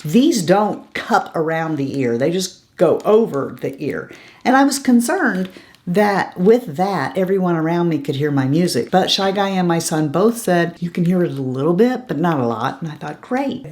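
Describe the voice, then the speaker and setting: A woman's voice: lowish voice, a little mellow. A middle-aged woman chatting casually and frankly while reviewing beauty products, often laughing and asking "okay?". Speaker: beauty vlogger.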